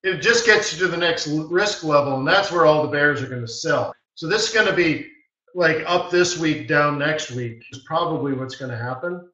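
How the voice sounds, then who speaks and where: A man with a slightly high, bright, forceful voice speaks at a moderate pace while hosting a live trading webinar as a forex market strategist. He teaches bluntly and emphatically, repeating short commands. The mic sounds dull, distant and roomy.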